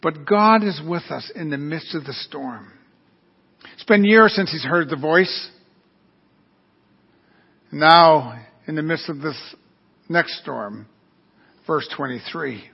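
A man's voice: fairly high pitch, takes it slowly, gravelly, long pauses, slightly rough. A man preaching an earnest, storytelling sermon. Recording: dull lo-fi recording.

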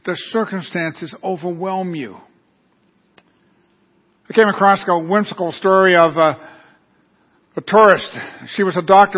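A man preaching an earnest, storytelling sermon. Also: sits high. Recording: dull lo-fi recording.

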